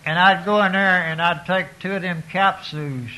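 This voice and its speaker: A man's voice: high voice, fairly even intonation, normal speed, bright, forceful tone, rough recording. A man tells his recovery story to an audience in a folksy, self-mocking way, full of restarts and "you know"s.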